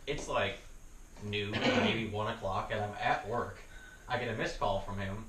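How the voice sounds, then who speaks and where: A man's voice: lowish voice, unhurried. A young man, a podcast host, telling a story in casual chat, swearing often and laughing as he goes. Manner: profane, laughing, animated storytelling. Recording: roomy, distant mic with faint noise.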